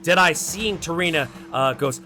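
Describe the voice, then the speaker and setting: A man narrating a tabletop game as dungeon master in a lively, animated way. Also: fairly high pitch, moderate pace, faint music behind.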